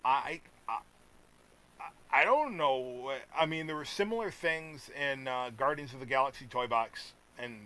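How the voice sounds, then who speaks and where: A man's voice: medium pitch, unhurried, sharp tone, poor audio. An American man co-hosting a podcast, chatting casually in a rambling way and laughing often. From United States. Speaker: podcast co-host. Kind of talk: casual chat.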